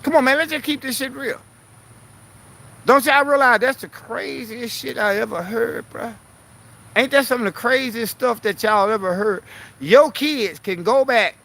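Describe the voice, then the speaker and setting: A man's voice: extremely high pitch, a little slow, gravelly, bright, forceful tone. A man ranting bluntly and profanely as a political commentary vlogger, repeating himself to press his point.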